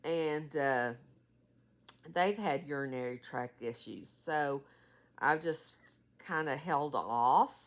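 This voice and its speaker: A woman in her sixties, with a low voice and slow pace, gives a casual, rambling vlog update about caring for her mother. She sounds tired and yawns, filling her talk with many fillers and trailing asides.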